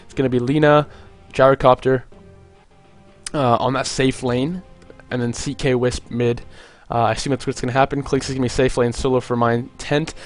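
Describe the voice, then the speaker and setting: A young man casting a video game match on his own, chatty and jokey, with many filler words and quick asides. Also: medium pitch, little pitch movement, soft background music. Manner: rambling, jokey, lots of "like" fillers. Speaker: esports caster. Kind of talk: solo play-by-play commentary.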